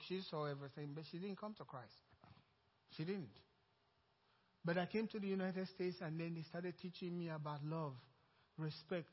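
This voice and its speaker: A high-voiced pastor with a Nigerian accent preaches a story-driven sermon, acting out the lines of the people in it. His voice rings through a long reverberant hall, and the sound is somewhat dull. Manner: storytelling, acting out quoted dialogue, growing louder and more excited.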